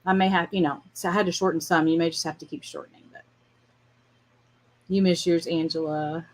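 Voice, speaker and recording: Brisk and fairly even in intonation, this woman's lowish voice guides viewers through a relaxed drawing lesson streamed live. She's chatty and kind, laughs frequently, and chats to her dog mid-drawing.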